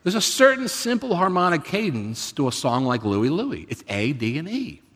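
A man's voice: a little high, very animated, moderate pace, a bit bright, breathy edge. A man in his fifties, speaking as a guest preacher, gives a sermon in a conversational, storytelling way with self-deprecating humor. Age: 50s. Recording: reverberant hall.

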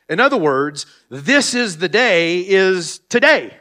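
A man with a fairly high voice delivers a sermon as pastor. He addresses the congregation directly, slipping in sarcastic asides. His delivery swings between hushed low phrases and loud, emphatic peaks. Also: very animated, takes it slowly, hardly any pauses.

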